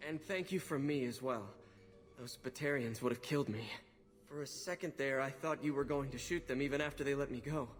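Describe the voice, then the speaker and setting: A man's voice: mid-range voice, a little fast, slight background noise, lightly acted. An actor voicing an earnest, idealistic young male doctor in a video game. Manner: earnest, pleading.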